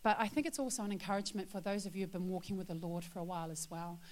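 A woman's voice: fairly low pitch, steady tone, very fast. A woman sharing a testimony with her church congregation, a chatty storyteller full of fillers who turns earnest and confiding.

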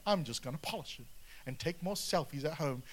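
A man voicing a self-absorbed male guest who makes excuses, muttering low and drawn out. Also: lively intonation, brisk, fairly bright tone. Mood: sulky.

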